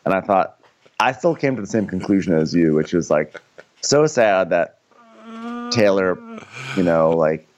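A man's voice: low voice, expressive, measured pace, long pauses, a little mellow, highs cut off. A man co-hosting a podcast, recapping a TV show with wry, casual storytelling. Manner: wry storytelling, slips into quoted voices. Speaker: podcast co-host.

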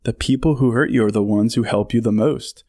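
A man's voice: mid-range voice, brisk, a little mellow, dry recording, clean studio sound. A man hosting his own podcast, talking casually to listeners, laughing often and full of fillers. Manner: chatty, laughs often, many fillers, mock voices for quotes. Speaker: podcast host. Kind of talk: casual solo podcast monologue.

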